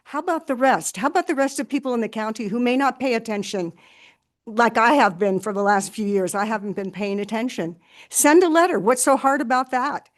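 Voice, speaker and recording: An older woman speaks up at a public meeting in a fairly high voice. She is impassioned and frustrated, breaking off and restarting her sentences. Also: a little fast. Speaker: public commenter. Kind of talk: emotional public comment.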